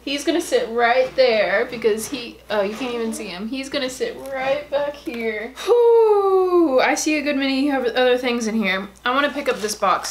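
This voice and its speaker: A woman with a slightly high voice hosts a casual unboxing vlog. She talks in a gushing, excitable way, gasping and squealing as she goes. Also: slight background noise. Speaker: YouTube unboxing host.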